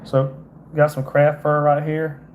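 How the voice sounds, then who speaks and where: The sound is phone-quality with a bit of background noise, carrying a slightly high male voice that is completely flat and a touch slow. He's a Georgia fishing guide with a Southern accent, giving viewers a casual, folksy fly-tying demonstration on a livestream, chatting and calling them "y'all" constantly.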